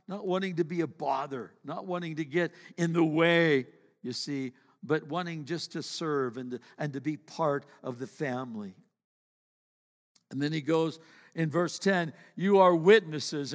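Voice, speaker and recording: A man's voice: sits high, fairly bright tone, long reverb tail. A male pastor preaching a sermon earnestly, often repeating his words and acting out short exchanges.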